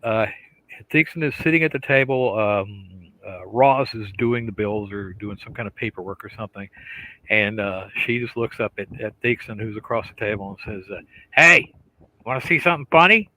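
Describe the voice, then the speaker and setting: A middle-aged man in casual chat, telling stories in an animated way and acting out the voices and sounds. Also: lowish voice, moderate pace, a little hiss or hum, poor audio.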